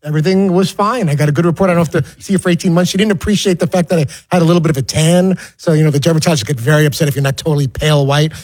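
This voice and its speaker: A man co-hosting a sports radio show, teasing and bantering quickly. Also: on the high side, fairly even intonation, darkish tone. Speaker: co-host.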